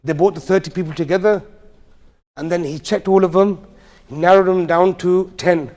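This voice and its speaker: A man's voice: high voice, fairly even intonation, moderate pace, darkish tone. A man teaching a tajweed class in a mosque, telling the story casually and quizzing his students as he goes. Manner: chatty, asks the class questions, slangy asides. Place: mosque hall. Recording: long reverb of a mosque hall.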